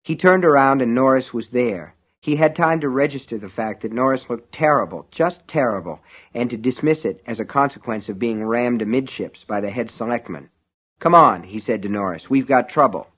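A man narrates a thriller audiobook at a steady, measured pace. His voice sits in an ordinary middle pitch for a man, and he tells the story vividly. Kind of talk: scripted narration.

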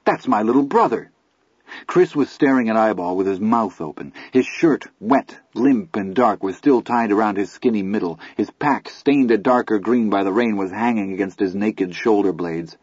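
A man narrating a story in a measured, scripted storytelling manner. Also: fairly low pitch, a little mellow, breathy edge, no echo. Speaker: audiobook narrator. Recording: dull lo-fi audiobook recording.

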